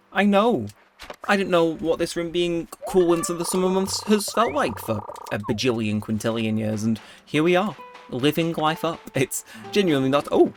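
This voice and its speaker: A man giving chatty, rambling gameplay commentary, easily excited. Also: on the high side. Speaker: gaming video host.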